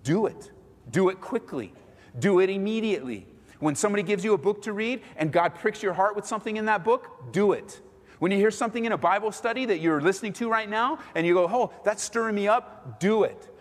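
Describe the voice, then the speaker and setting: Male pastor, animated preacher with a fairly high, lively voice, echoing sanctuary. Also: brisk. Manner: animated, acts out quoted voices. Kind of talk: sermon. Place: church sanctuary.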